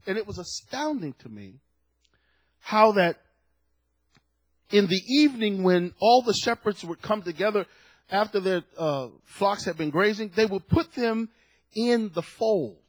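A male pastor delivering a sermon, his high voice a little husky. He drops to near-whispers, then rises into loud, fervent stretches. The sound is close and dry. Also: animated, a little slow, long pauses, dry recording. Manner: swings from hushed to loud and fervent.

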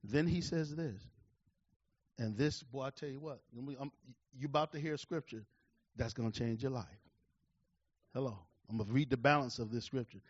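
A man in his forties preaching a sermon, calling out to the congregation and swinging between loud declarations and hushed, slow asides. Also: mid-range voice, breathy edge, dry recording, muffled recording. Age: 40s. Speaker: pastor.

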